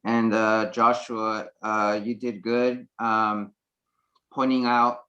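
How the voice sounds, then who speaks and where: A man's voice: fairly low pitch, flat delivery, takes it slowly, sharp tone, lo-fi sound. A man in a wrestling class giving casual feedback to classmates, loose and full of fillers like "like" and "uh". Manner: loose, filler-heavy, easygoing. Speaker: wrestling student.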